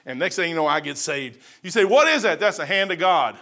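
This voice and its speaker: A middle-aged preacher, his voice pitched high and ringing bright. He preaches in waves, climbing to shouts, then falling to soft, quiet stretches. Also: lively intonation, a little fast. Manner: swings between loud and soft delivery. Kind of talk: sermon.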